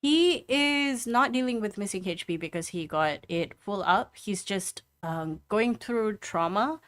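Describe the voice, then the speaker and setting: A woman narrating as game master in a tabletop game, describing scenes in a loose, halting way. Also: medium pitch, lively intonation, fairly bright tone. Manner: descriptive, with many fillers and restarts.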